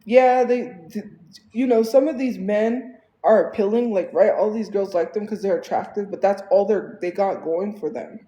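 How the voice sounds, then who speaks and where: A woman's voice: mid-range voice, normal speed, warm tone, echoey room, muffled recording. A woman livestreaming, venting in a casual, exasperated way with lots of fillers.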